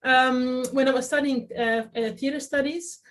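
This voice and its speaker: A woman's voice: sits high, fairly even intonation, normal speed, a bit bright. Hesitant Dutch-raised woman in interview. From Netherlands. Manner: hesitant, many fillers and restarts. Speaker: festival artistic director. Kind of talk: interview, reflective talk.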